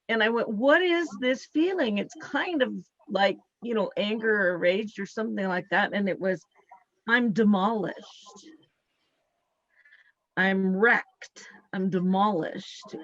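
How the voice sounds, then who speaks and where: A woman's voice: a little high, no room sound, lo-fi sound. A woman hosting a live talk show, earnest and explaining by acting out what she tells herself. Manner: earnest, explains by acting out her inner speech.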